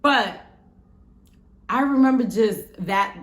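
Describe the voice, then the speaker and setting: A woman in her thirties from the Bronx with a Bronx accent and a rough voice, chatting frankly to camera and swearing freely as she tells a story. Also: on the high side, slow pace, reverberant. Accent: Bronx New York. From the Bronx, New York. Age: 30s. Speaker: vlogger.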